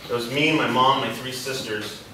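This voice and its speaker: A man giving an energetic motivational talk to students, telling his story and asking the audience questions. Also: medium pitch, moderate pace. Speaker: motivational speaker. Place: middle school hall. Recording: very echoey, distant, noisy hall.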